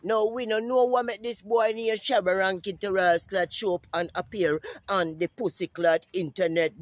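A brash man with a Jamaican accent, ranting profanely in a casual vlog outdoors, repeating himself and breaking into sudden high-pitched calls. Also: fairly even intonation, moderate pace, few pauses, dry recording. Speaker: vlogger. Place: outdoors in the sun.

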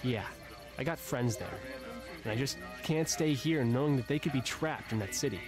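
A man's voice: medium pitch, normal speed, over music, natural voice. An actor playing a man determined to leave to find his trapped friends, speaking earnestly.

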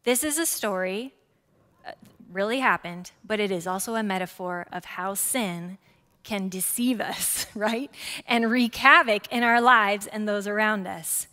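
A woman in her forties preaching a sermon as pastor, lively and conversational, with frequent asides to the congregation. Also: mid-range voice, measured pace. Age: 40s. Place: church sanctuary. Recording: church hall with long reverb.

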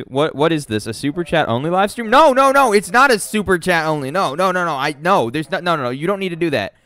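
A man streaming a game live, excitable and easily flustered, with plenty of swearing, close on a desk mic at home. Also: sits high, vocal fry. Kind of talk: live-stream gaming commentary.

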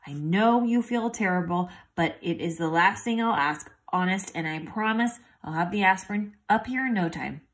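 A woman's voice: on the low side, normal speed, few pauses, natural voice. A woman reading aloud, voicing a small, determined young male mouse who talks eagerly and pleads. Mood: pleading.

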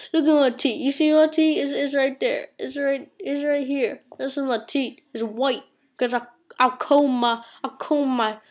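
A woman ranting to a webcam in a room, boastful and rambling, cursing constantly as she tells tall stories. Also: sits high. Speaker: vlogger. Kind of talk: comic profane rant to camera. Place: indoor room.

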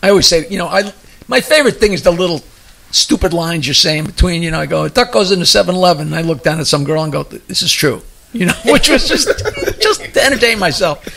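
A man's voice: a little high, lively intonation, fast talker, creaky, bright, forceful tone. A male comedian chatting casually as a guest and telling jokes in a rambling style, chuckling as he goes. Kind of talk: casual chat and joke telling.

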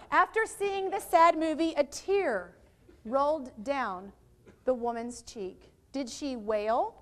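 Woman workshop presenter, high-pitched, upbeat, draws answers from a live audience of teachers. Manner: lively, quizzes audience with questions. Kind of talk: interactive teacher training workshop. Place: training room with live audience.

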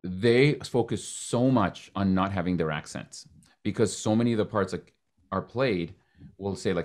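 Canadian guy hosting a podcast, lowish voice, animated and jokey. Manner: animated, talks fast with restarts and jokes. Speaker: podcast host. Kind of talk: casual interview chat.

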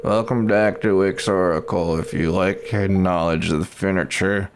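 Tv fortune teller played by a man, solemn mock-mystic, deep gravelly voice, game music. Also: steady tone, a little slow, noisy background. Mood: mystical. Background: video game music.

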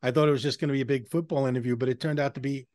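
A man's voice: mid-range voice, steady tone, very fast, darkish tone, no echo. A male podcast co-host chatting in a joking, easygoing way. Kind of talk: casual chat.

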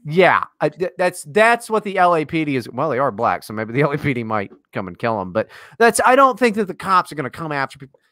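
Animated, profanity-laden male podcast host. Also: fairly high pitch, a little fast, dry recording, studio quality. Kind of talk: casual chat.

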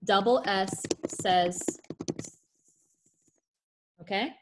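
On a video call, a woman teaches French pronunciation very slowly, taking her time over each word in a medium-pitched voice. There's background noise. She reads the French examples carefully and slips light, joking asides in between.

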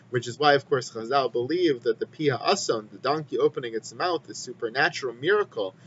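Guy giving a torah class, calm explainer, medium voice, a bit muffled with a low hum. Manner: measured, explanatory, weaving in Hebrew quotations. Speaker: Torah teacher. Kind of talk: weekly Torah lecture. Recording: slightly muffled with faint hum.

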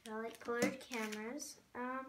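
A young woman vlogger chatting casually as she unboxes, gushing and excitable with lots of fillers. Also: fairly high pitch, normal speed. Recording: echoey room with background noise.

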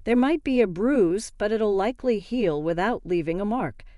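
A woman voicing a calm hospital doctor who reassures a worried mother. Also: medium pitch, normal speed, no room sound, studio quality, natural voice. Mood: reassuring.

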